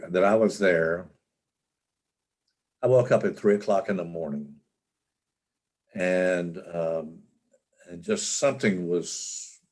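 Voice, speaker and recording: Older male guest on a video call; deep, slow, halting storyteller. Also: darkish tone. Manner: halting, with frequent restarts and fillers. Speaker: interview guest. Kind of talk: reflective personal storytelling.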